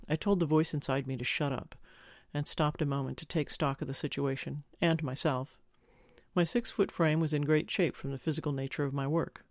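A man's voice: on the high side, steady tone, fairly quick, no echo. Close, dry male storyteller. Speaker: audiobook narrator. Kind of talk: first-person story narration.

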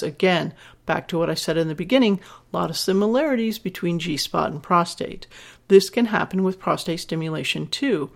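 Frank, gravelly woman sex educator. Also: fairly low pitch. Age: over 50. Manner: frank, candid and conversational, tells personal stories. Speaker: sex educator and podcast host. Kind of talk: podcast advice talk to a listener.

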